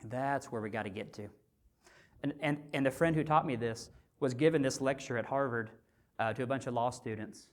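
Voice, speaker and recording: A male physician giving a motivational conference talk, conversational and animated, often asking the audience rhetorical questions. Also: medium pitch, a little fast. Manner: animated storyteller. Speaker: physician and speaker at a health summit.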